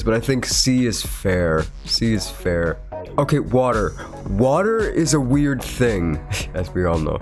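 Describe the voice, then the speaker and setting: Male VTuber host, under the weather, stuffy nose, rambling casual chat at an average pitch. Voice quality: slightly nasal. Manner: chatty and rambling, with chuckles. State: sick with a cold, slightly nasal. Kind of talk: casual chat, rating foods on a tier list. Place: his room.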